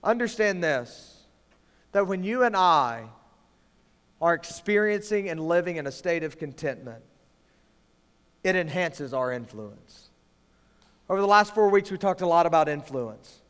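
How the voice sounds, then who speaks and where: High-voiced preacher in a hall. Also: male voice, a little slow, long pauses, smooth. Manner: animated preaching, swinging from hushed to loud and emphatic. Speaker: youth pastor. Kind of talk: sermon to students. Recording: long reverb of a large hall.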